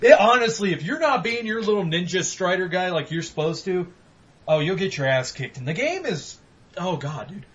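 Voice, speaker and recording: A man co-hosting a casual gaming podcast, talking animatedly, swearing and mock-yelling at games. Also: high-pitched, expressive, normal speed, dull audio. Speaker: podcast co-host.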